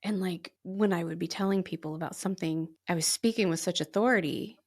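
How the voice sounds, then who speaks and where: A woman co-hosting a podcast, chatting casually and telling lively stories, acting out what others said and laughing often. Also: fairly low pitch, a little fast, husky. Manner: animated storyteller who acts out quoted dialogue and laughs often. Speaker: podcast co-host. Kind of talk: casual conversational podcast chat.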